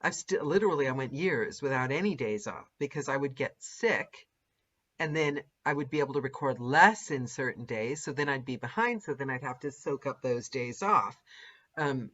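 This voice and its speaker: A woman's voice: a bass voice, normal speed. A woman podcast host who narrates audiobooks, chatting casually and animatedly with a guest. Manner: animated, laughs often, lively mimicry. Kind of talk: casual interview chat. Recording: dull lo-fi audio.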